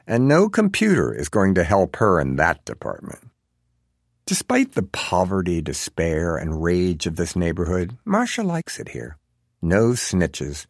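A man's voice: low voice, creaky, dry recording, studio quality. A man narrating a story in a wry, sardonic manner. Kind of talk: audiobook narration.

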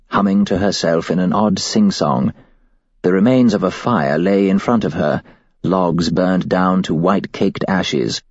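A man narrating a first-person story in a measured, grave storytelling manner. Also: low-pitched, a little mellow, slightly rough, no echo. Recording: dull dry lo-fi recording.

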